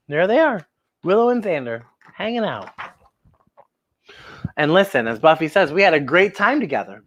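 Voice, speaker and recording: Animated woman reading to kids. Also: fairly low pitch, moderate pace, pauses often, dull audio. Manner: animated, chatty asides. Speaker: children's story host. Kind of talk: reading a picture book aloud to kids.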